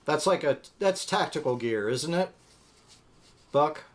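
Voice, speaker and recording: A middle-aged man hosting a relaxed live chat. He rambles and tells long jokes, putting on voices for the people in them. His voice sits a little higher than most men's. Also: measured pace. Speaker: co-host of a live motorcycle chat. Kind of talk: casual live-stream chat, joke telling.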